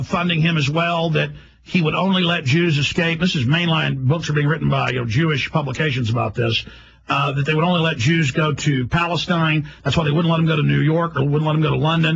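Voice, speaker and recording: A man hosting a radio show, delivering a rapid, emphatic, rambling monologue. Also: on the high side, creaky, fairly bright tone, breathy edge, dull audio.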